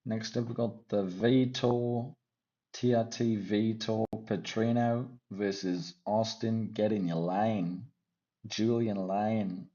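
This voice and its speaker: A man's voice: on the low side, fairly even intonation, takes it slowly, warm tone, dull audio. A man hosting casual fight predictions, rambling and teasing with jokey asides. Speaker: MMA fight-picks host.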